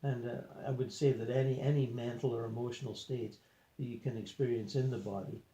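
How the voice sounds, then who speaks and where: A man recounting an out-of-body experience in a halting way, with many fillers. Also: medium pitch, fairly even intonation, dark tone. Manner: halting, filler-heavy storytelling. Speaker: journal vlogger. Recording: echoey room.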